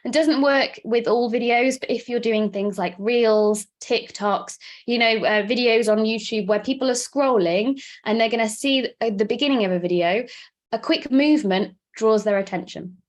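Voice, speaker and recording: A Welsh-accented woman in her thirties leads a live online workshop. She talks quickly and chattily in a fairly high voice, laughing easily as she coaches. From Wales. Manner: chatty, fast-talking, laughs often. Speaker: presenter and coach.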